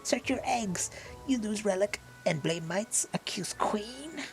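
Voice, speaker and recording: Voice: mid-range voice, expressive, slow pace, gravelly, soft background music, pitched above the performer's own voice. A gamer voicing a tiny, mocking male mite seneschal in a sing-song way. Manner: taunting sing-song, fawning.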